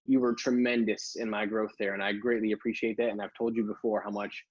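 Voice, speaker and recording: A man's voice: lowish voice, little pitch movement, brisk, slightly rough, highs cut off. A man hosting an interview show, praising his guest and prompting her to tell her story. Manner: warm, complimentary interviewer with short backchannels. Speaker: podcast host. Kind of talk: casual interview.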